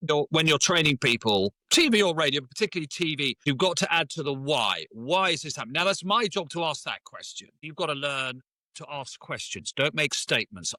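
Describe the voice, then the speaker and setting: Animated, bright-voiced man in his fifties. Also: fairly high pitch, fairly quick, dry recording. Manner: animated storyteller, acts out quoted exchanges. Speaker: sports presenter, guest. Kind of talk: casual podcast chat.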